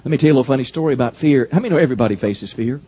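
Preacher guy in his 50s, slightly husky, gets loud then drops way down, folksy stories. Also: mid-range voice, racing. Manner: animated storytelling preacher, down-home folksy. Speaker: pastor. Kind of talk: sermon.

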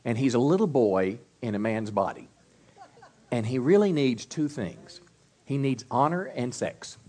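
A man's voice: mid-range voice, animated, unhurried, mellow. A middle-aged male pastor preaching a sermon, with a folksy, conversational delivery, asking the congregation to repeat words and joking with them. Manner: call-and-response preaching, folksy asides to the congregation.

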